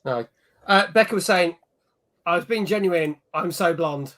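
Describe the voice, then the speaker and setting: A man's voice: high voice, measured pace, a bit bright. A man hosting a casual gaming chat show, reading out viewer messages and scores. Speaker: podcast host.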